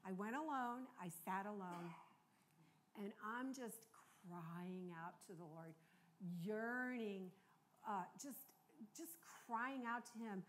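A woman's voice: medium pitch, slow pace, a little hiss or hum. An older American woman preaching a sermon in a conversational, earnest way, often checking in with the congregation. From United States.

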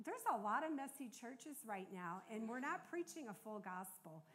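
A woman's voice: fairly high pitch, sing-song, normal speed, fairly bright tone. An older American woman preaching a sermon in a conversational, earnest way, often checking in with the congregation. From United States.

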